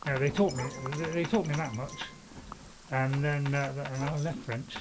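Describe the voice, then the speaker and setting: A man in his seventies giving casual, rambling commentary as he plays a game, chatty and quick to joke at his own expense. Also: a little high, fairly even intonation, background noise. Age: 70s. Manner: rambling, chatty, joking and self-mocking. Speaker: gaming channel host.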